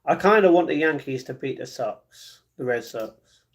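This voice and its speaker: A man hosting a casual live stream, reading the chat, chatty and slangy, jumping between excited outbursts and muttered asides. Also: mid-range voice, moderate pace. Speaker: livestream host.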